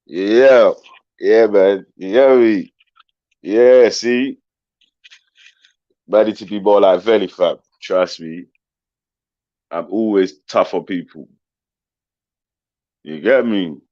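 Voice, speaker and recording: A man's voice: lowish voice, slow, pauses often, dark tone, no echo, highs cut off. A man hosting a casual live chat, brash and slang-heavy, swearing freely. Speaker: host.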